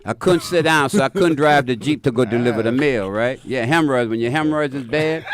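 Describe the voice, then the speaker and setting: Fast-talking animated male storyteller. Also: medium pitch. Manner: animated, acts out quoted voices, laughs mid-story. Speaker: radio show host telling a story. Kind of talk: casual profane storytelling. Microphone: studio mic.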